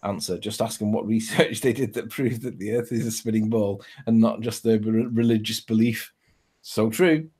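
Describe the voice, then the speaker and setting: A man with a Scouse accent from Liverpool, chatting casually on an online video call, mocking and quick to laugh. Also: on the low side, darkish tone, breathy edge. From Liverpool, England.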